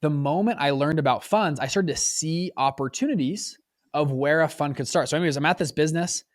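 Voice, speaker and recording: This is a young man in his twenties, a guest on an interview podcast, caught up in telling his own story. His voice sits a bit high and he acts out quoted lines with big jumps in pitch. The recording is dry and close, with no room sound. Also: fairly quick, no echo. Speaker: podcast guest, fund manager.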